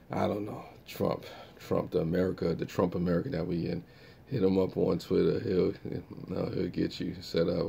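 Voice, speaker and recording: A man's voice: deep voice, vocal fry, mellow, slight background noise. A man hosting a live stream, chatting casually and reacting to viewer comments in a laid-back way.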